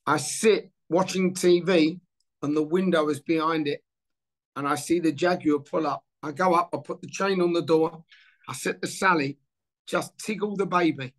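This man, a former footballer in his sixties, speaks a little high at a normal speed. He animatedly recounts a story during a casual interview, voicing each line of dialogue himself.

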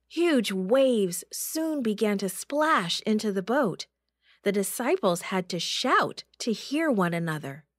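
A woman's voice: on the high side, no room sound, clean studio sound. A woman reading a Bible story aloud over a video call, lifting her voice for dramatic moments.

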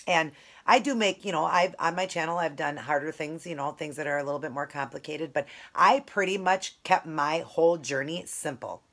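A woman's voice: low-pitched, normal speed, fairly bright tone. A woman chatting casually in a food vlog, talking in a rambling, affectionate way while eating. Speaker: keto food vlogger.

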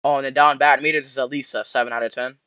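A young man rambling through casual reaction commentary, slangy and mock-sorrowful, with restarts and drawn-out sighs. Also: medium pitch, fairly even intonation, bright, forceful tone, smooth, no room sound. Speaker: YouTuber reacting to posts.

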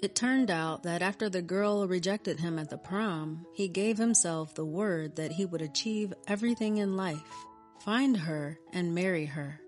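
A woman reading a scripted story in a steady, even narration. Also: fairly low pitch, measured pace. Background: faint music.

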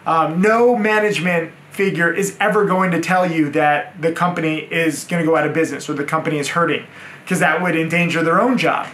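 A man's voice: on the high side, fairly even intonation, brisk, fairly bright tone, roomy sound. A man teaching trading to a room of people, emphatic and repeating words for stress. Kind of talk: lecture-style talk to a room. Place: room with a live audience.

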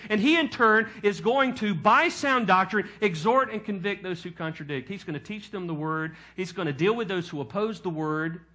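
Bright-voiced, high-pitched male pastor preaching. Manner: emphatic preaching with questions to the congregation. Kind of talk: sermon.

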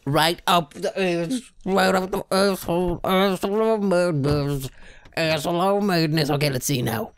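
A woman giving gameplay commentary, excitable, shrieking and swearing often. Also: fairly low pitch, unhurried, smooth. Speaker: let's play gamer.

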